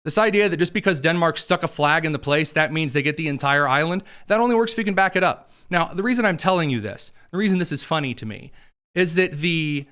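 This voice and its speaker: A man's voice: fairly high pitch, expressive, quick pace, a bit bright, clear, resonant tone. A man hosting a political commentary show, delivering a combative, sarcastic opinion monologue with mocking asides.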